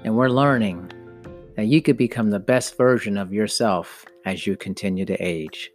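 A man's voice: on the low side, soft background music. A man from the United States hosting a podcast interview in a chatty, upbeat way. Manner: upbeat, chatty, with slow deliberate intro phrasing. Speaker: podcast host.

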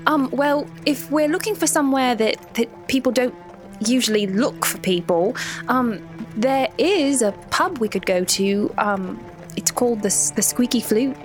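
A woman's voice: fairly high pitch, lively intonation, a little slow, soft background music. Hesitant woman player in character. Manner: hesitant, full of fillers. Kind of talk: in-character role-play.

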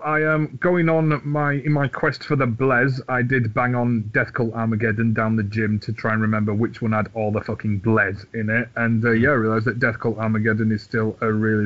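A man's voice: mid-range voice, a bit bright, highs cut off. A man co-hosting a podcast, chatting casually in a sweary, meandering, anecdotal way. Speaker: podcast co-host. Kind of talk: casual chat.

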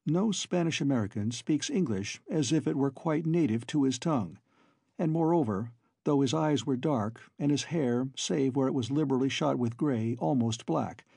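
A man narrating an audiobook in a steady, even storytelling voice. His tone is dark and mellow with a husky edge. It is recorded close and completely dry. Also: medium pitch, normal speed, dry recording. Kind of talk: scripted narration.

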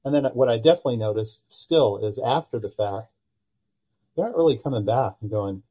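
A man guests on a casual podcast, his voice dark and mellow with a husky edge. He tells stories with animation and slips into the voices of the people he quotes. His pitch sits in the middle range for a man. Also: fairly quick, poor audio. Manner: animated storyteller who acts out quoted dialogue. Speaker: podcast guest, pitching analytics company founder.

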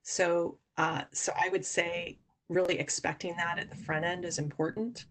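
Woman, low pitch, earnest explainer, interview guest, restarts sentences. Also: flat delivery, moderate pace, fairly bright tone, a little hiss or hum. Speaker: angel investor guest. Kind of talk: podcast interview answers.

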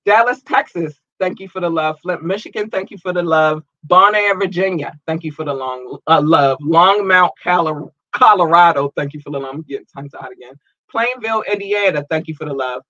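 A man hosting a podcast, reading out listener shout-outs in a casual, upbeat way and tripping over place names. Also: fairly high pitch, brisk, no room sound, muffled recording. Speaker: podcast host.

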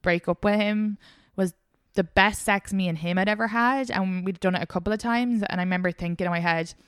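A young woman co-hosting a podcast, telling candid dating stories in a frank, animated way and laughing often. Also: mid-range voice, brisk, smooth, no room sound, studio quality. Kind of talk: candid casual chat.

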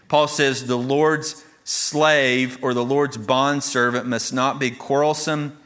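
A man's voice: mid-range voice, steady tone, takes it slowly, a bit bright. A pastor preaching an earnest, emphatic sermon, restarting phrases as he goes.

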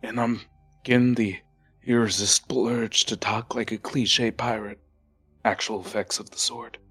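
A man playing a tabletop game, gruff and joking. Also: medium pitch, fairly even intonation, moderate pace, a bit bright, soft background music. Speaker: tabletop player.

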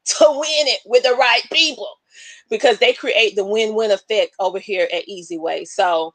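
A woman hosting a live online show, talking in an animated, emotional, preacherly way. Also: mid-range voice, normal speed, no room sound. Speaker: show host.

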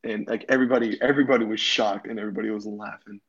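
A man's voice: lowish voice, steady tone, very fast, breathy edge, highs cut off. A teenage boy, a guest on a casual podcast, telling a story in a rambling way with lots of fillers, restarts and laughs. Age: teens. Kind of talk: casual chat.

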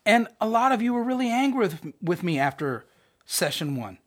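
A man's voice: high-pitched, big pitch swings, normal speed. A man teaching a podcast Bible lesson in a conversational way, often asking rhetorical questions.

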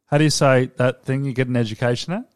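An Australian man trading casual banter on a podcast, blunt and quick to swear. His voice sits at an ordinary middle pitch, and the recording is dry and close, with no room sound. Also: fairly even intonation, dry recording. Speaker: podcast co-host. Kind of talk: casual chat.

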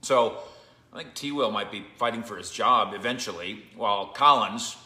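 A man's voice: on the low side, moderate pace, pushed and bright, roomy sound. A man giving casual sports commentary as a reporter, conversational and joking with frequent asides.

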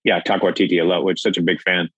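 A man in his fifties from Minnesota tells a story with lively energy, acting out the scenes. His voice is lowish and sits close and dry on a video call mic. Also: rapid-fire, slightly rough, no room sound, muffled recording. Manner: lively, acts out voices, stammers on restarts. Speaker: guest, filmmaker and actor. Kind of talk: animated storytelling.

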